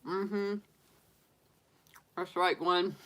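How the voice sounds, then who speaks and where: A woman's voice: lowish voice, steady tone, drawn-out words, fairly bright tone. A woman in her forties, a tarot reader chatting casually on a live stream and laughing often. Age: 40s.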